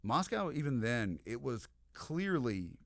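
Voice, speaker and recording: A man's voice: mid-range voice, very animated, slow pace, a bit bright, no echo. A man, rambling through stories as a podcast guest, full of "like" and "you know". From American South. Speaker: podcast guest, comedian and history professor. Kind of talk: casual podcast storytelling.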